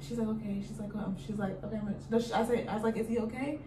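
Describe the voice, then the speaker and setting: A woman's voice: fairly high pitch, fairly even intonation, racing. A young woman co-hosting a podcast who tells a personal story in a casual, conversational way. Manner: conversational, retelling events and acting out the voices of the people in them. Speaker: podcast co-host. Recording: echoey room, mic at a distance, faint noise.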